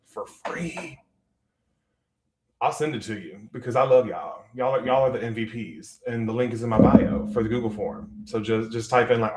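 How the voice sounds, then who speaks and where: A man's voice: medium pitch, reverberant, slight background noise. A man with a Southern US accent hosting a live writing stream, chatting casually and reading out viewer comments. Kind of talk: casual livestream chat. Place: home room at his desk.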